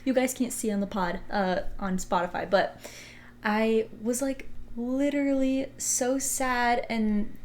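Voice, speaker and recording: Animated young woman podcast host. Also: on the high side, unhurried, a little hiss or hum. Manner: animated storytelling, laughs often. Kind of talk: casual chat.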